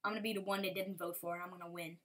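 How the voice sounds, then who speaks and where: A woman's voice: on the low side, flat delivery, rapid-fire. A woman giving casual game commentary, giggly and rambling, with playful sing-song bits. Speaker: gameplay commentator.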